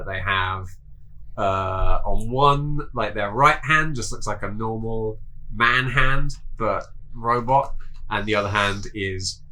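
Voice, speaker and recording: Man, low pitch, bright tone, jokey, faint noise. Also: low-quality recording. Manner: jokey, loose, swearing. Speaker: tabletop game player. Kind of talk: casual character introduction.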